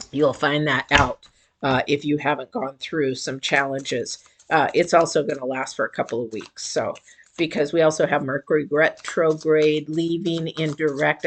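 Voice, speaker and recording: Chatty woman reading tarot, hiccups. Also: sits low. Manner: chatty, rambling, lots of fillers. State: has the hiccups. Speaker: tarot reader. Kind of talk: casual tarot reading to camera.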